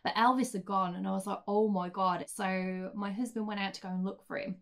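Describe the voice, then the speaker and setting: A woman's voice: medium pitch, steady tone, brisk, gravelly, a bit bright. Woman, casual podcast panelist, chatty anecdote teller. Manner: chatty, laughs while telling stories. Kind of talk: casual storytelling chat.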